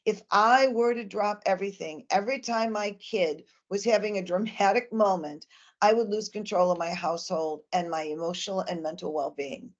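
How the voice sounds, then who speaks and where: A woman's voice: medium pitch, moderate pace, highs cut off. A woman giving an earnest, emphatic presentation to parents about communicating with children.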